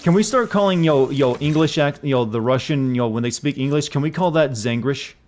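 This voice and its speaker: A man's voice: medium pitch, fairly quick, darkish tone. A man streaming a video game, making joking, irreverent, rambling commentary as he plays. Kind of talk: casual gameplay commentary.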